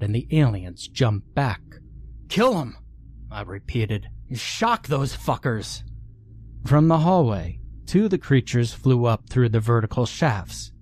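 A man narrating a scripted horror story in a measured, hushed storytelling way. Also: mid-range voice.

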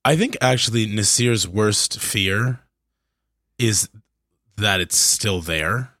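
A man playing a tabletop game who describes his moves haltingly, with many fillers. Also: lowish voice, pushed and bright, no room sound, studio quality. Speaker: player.

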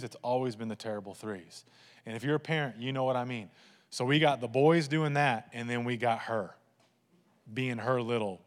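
A pastor preaching a sermon, telling funny family stories to his congregation in an animated way. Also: mid-range voice, in a large hall. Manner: animated, humorous storytelling to a congregation.

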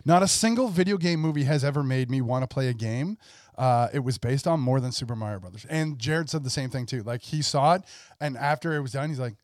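A man's voice: mid-range voice, fairly quick, no room sound, studio quality. A middle-aged man hosting a podcast in casual chat, enthusiastic and rambling, laughing often. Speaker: podcast host.

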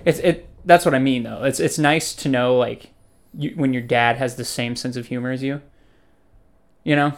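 A man's voice: mid-range voice, steady tone, normal speed. A young man in casual banter with a friend. He rambles through his stories and teases along the way. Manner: rambling, teasing, swearing.

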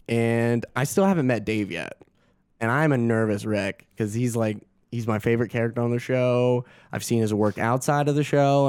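Young male guest, mid-pitch, smooth voice, laughs through a story, does quick impressions. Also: no echo, studio quality. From Augusta. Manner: animated, laughing, acts out quotes. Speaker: guest actor. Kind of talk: casual storytelling.

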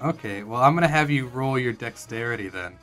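A man's voice: medium pitch, lively intonation, a little fast, fairly bright tone, faint music behind. A man narrating as game master for a tabletop game, in a casual, hesitant way.

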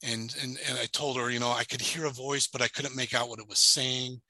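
A middle-aged man, a paranormal investigator, telling a personal story as a guest in an interview, halting and repeating words as he goes. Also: mid-range voice, fairly even intonation, sharp tone, no room sound, poor audio.

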